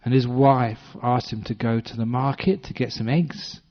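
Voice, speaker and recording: During a dharma talk, an English Buddhist monk in his sixties tells a story with humor, adopting little voices for its characters. He's British-born and based in Western Australia, speaking at normal speed in a mid-range voice on a dull lo-fi recording.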